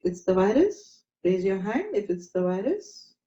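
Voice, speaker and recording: A woman teaching a meditation class, gentle and coaxing, asking the group questions. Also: mid-range voice, big pitch swings, a little slow. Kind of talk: spiritual class talk. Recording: dull lo-fi sound in an echoey room.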